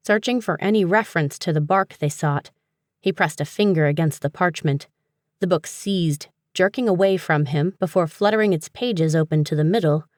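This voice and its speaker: A woman narrating an audiobook in a low, steady voice. Her reading is even and scripted, with a dry and close studio sound. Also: no room sound.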